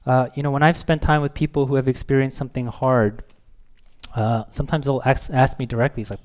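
A man's voice: mid-range voice, fairly even intonation, fairly quick, darkish tone. Casual, chatty man preaching. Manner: casual and personal, many fillers and rephrasings. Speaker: pastor. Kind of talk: conversational sermon.

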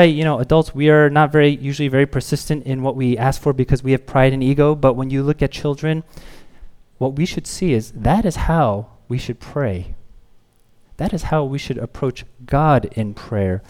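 A man in his thirties preaching a sermon, a father who tells stories and acts out his children's pleading with lively rises in pitch. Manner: animated storytelling, acts out children's pleading voices. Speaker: pastor.

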